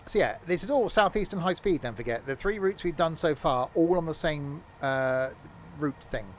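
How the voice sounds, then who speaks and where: A man's voice: a little high, moderate pace, slight background noise. A man joking and rambling to himself while streaming a train game. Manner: rambling, jokey, mutters to himself. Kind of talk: casual gameplay commentary.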